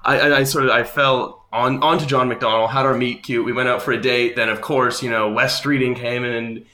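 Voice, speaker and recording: A man's voice: mid-range voice, steady tone, brisk, sharp tone, echoey room. A Canadian man in his thirties with a Canadian accent, chatting as a podcast guest in a dry, self-deprecating way. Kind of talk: casual interview chat.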